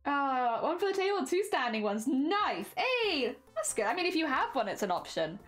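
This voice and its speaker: A woman's voice: sits high, sing-song, normal speed, few pauses, a bit bright, soft background music. A young British woman streaming while she crafts, chatting casually and self-deprecatingly with her viewers, often sighing "oh dear".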